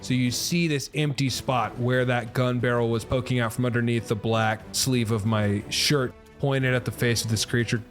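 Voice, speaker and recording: A man with a mid-range voice plays a tabletop game with quick, animated energy. He is playful as he narrates his attacks, with soft music in the background. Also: mid-range voice. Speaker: player. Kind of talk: in-character tabletop play.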